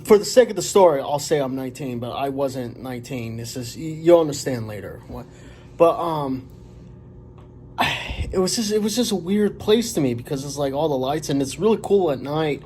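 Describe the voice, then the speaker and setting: A man in his forties telling a story to camera in a rambling, halting way, full of fillers and restarts. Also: a little high, expressive, warm tone. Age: 40s. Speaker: vlogger.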